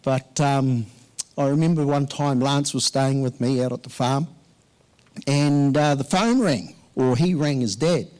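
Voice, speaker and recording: A man giving a eulogy at a memorial service, halting with many fillers and restarts. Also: mid-range voice, a little mellow. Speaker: eulogy speaker. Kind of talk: memorial speech.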